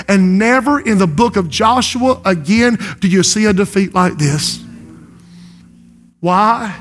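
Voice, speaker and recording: Man, pastor, South Carolina Lowcountry accent, impassioned sermon, long church reverb. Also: a little slow. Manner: impassioned, rising to shouted refrains. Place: large church sanctuary.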